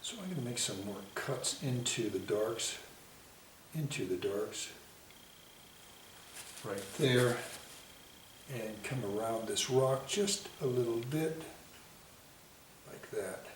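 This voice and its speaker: A man giving a painting lesson, talking himself through each stroke in an unhurried, self-commenting way. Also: medium pitch. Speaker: painting instructor. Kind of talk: painting demonstration. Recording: echoey room, mic at a distance, faint hiss.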